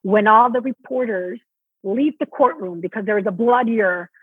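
At normal speed and with a breathy edge to her voice, this Mexican-born Broadway actress is interviewed over a tinny, phone-like line without echo. Animated throughout, she acts out quotes with pitch jumps.

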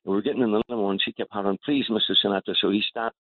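An older man, a comedian, telling stories with animated restarts in a radio interview over the phone. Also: lowish voice, rapid-fire, no room sound. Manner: animated storyteller with repeated restarts. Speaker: guest comedian. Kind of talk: casual radio interview storytelling. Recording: tinny phone line.

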